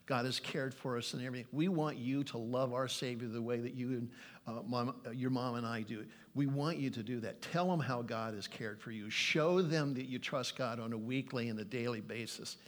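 An older man delivers a sermon in an earnest, pleading way. He reads scripture aloud with heavy emphasis, in a voice of ordinary pitch for a man. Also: steady tone, moderate pace. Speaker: pastor.

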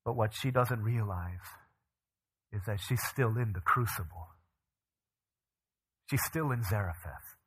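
A man's voice: on the low side, measured pace, long pauses, breathy edge. A man preaching a sermon, telling a personal story with animation and acting out the people he quotes. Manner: animated storyteller who acts out quoted voices. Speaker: pastor.

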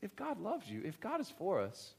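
Lively, animated male preacher. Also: high-pitched, moderate pace, vocal fry, breathy edge. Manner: animated, swings from loud bursts to hushed emphasis; humorous storytelling asides. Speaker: pastor. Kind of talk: sermon.

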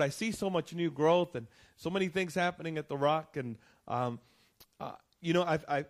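A pastor delivers a sermon in a voice pitched a bit higher than most men's. He speaks to the congregation in a relaxed, conversational way, often tossing in "right?" and restarting to repeat his points. Now and then he leans hard on a line, building to emphatic peaks.

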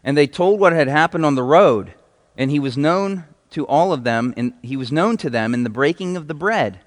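A man's voice: on the high side, animated, moderate pace. A man preaching a sermon as a pastor in a casual, enthusiastic way, reading scripture aloud. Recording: hall reverb.

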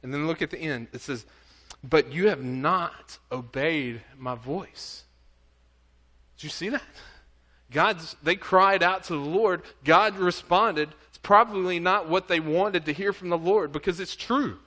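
Earnest preaching man with a higher voice. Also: moderate pace, bright, forceful tone. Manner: earnest preaching, reads scripture aloud and exhorts. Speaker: pastor. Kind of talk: sermon. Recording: audio recording of a church service.

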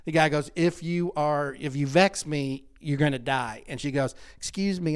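Animated middle-aged man telling stories. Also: fairly high pitch, moderate pace, hardly any pauses. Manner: animated, laughs often, self-interrupting. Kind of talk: casual storytelling chat.

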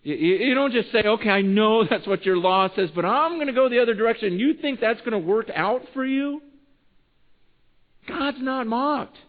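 A man preaching a sermon in a conversational way, with restarts, swinging between hushed asides and emphatic lines. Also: sits high, animated, fairly quick, hardly any pauses. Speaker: pastor. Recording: tinny phone-like sound.

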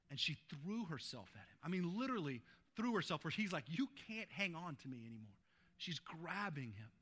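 On the high side in pitch, a male pastor preaches with emphasis and strings of adjectives. His sermon rises to loud urgency and falls to hushed tenderness.

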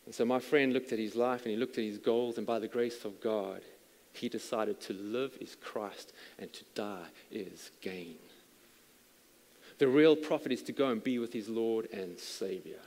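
Pastor preaching in a reverberant hall. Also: male voice, on the low side, moderate pace, a little mellow. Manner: earnest, stammers on repeated words. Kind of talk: sermon storytelling. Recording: long reverb from a large hall.

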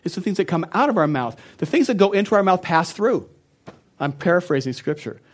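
A middle-aged man, a pastor, preaching a sermon in an earnest and personal storytelling way, often laughing. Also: medium pitch.

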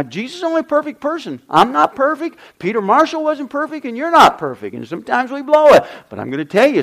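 An older man preaching a sermon as pastor, emphatic, with repeated refrains and rhetorical questions. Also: high-pitched.

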